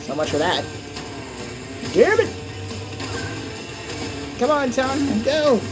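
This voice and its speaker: An excitable young man giving casual, chatty commentary while playing a racing game, cursing at mishaps. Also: very high-pitched, takes it slowly. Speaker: gameplay commentator. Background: game music.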